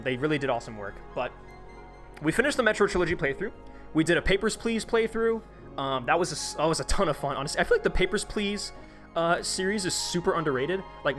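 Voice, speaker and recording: A man's voice: mid-range voice, a bit bright. A man hosting a live stream, chatting casually and rambling with lots of fillers and restarts.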